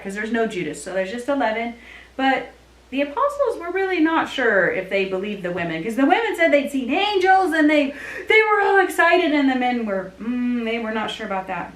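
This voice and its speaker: A woman tells a Bible story to young children, her high voice swooping up and down. She talks in an animated storytelling manner. The room around her sounds echoey. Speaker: children's church teacher.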